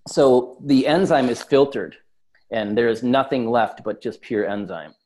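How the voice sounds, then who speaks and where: A man's voice: mid-range voice, a little slow, mellow. A man speaking as an interview guest in casual chat, talkative and full of fillers. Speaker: supplement company guest.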